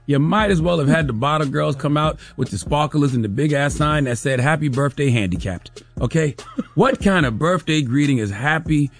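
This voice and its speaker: A man hosting a radio show, giving comedic commentary in a mocking voice that swings from low asides to high shouted impressions. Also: moderate pace, soft background music.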